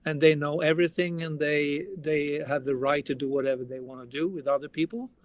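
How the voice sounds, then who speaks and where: A man's voice: on the high side, steady tone, a little fast, no room sound. A man with a Swedish accent, a guitarist guest talking casually in an interview, rambling with frequent restarts. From Sweden.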